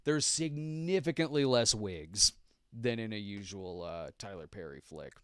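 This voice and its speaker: Answering viewer questions in a casual live stream chat, this middle-aged podcast host rambles, keeps restarting his sentences, fills pauses and chuckles along the way. His voice is lowish, clean and animated, unhurried in pace. The studio-quality recording is dry.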